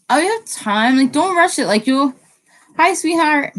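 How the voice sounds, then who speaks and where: A chatty woman hosting a casual live stream, talking straight to viewers in the chat and often jumping up in pitch when excited. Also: measured pace.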